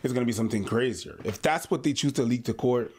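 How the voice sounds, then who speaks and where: A man co-hosting a podcast, talking in a casual, animated, slangy way. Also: medium pitch, fast talker, a little hiss or hum. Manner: animated, slangy, acts out quotes. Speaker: podcast co-host. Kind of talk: casual chat.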